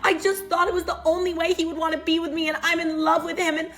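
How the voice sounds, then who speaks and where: A woman's voice: extremely high pitch, flat delivery, fast talker, fairly bright tone, voice pushed up. A woman voicing her tearful, manipulative younger sister, pleading in a whiny, raised voice.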